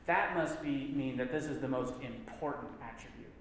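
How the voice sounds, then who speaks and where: A man's voice: mid-range voice, moderate pace, a little hiss or hum. A man teaching a church Bible class, stressing points by repeating words. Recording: echoey room with long reverb.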